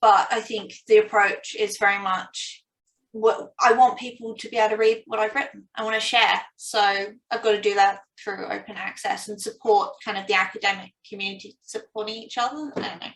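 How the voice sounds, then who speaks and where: A woman's voice: medium pitch, fairly even intonation, brisk, fairly bright tone. A young woman, a PhD student, talking casually and self-deprecatingly about her research, full of "like" fillers. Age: young adult. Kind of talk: casual academic conversation. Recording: roomy sound from a distance.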